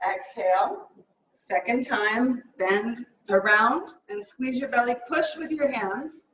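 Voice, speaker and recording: A woman teaching a live yoga class, cueing poses in a brisk, upbeat way and a little out of breath. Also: on the high side, fairly bright tone, a little hiss or hum. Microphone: camera mic at a distance. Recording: echoey room, from far off.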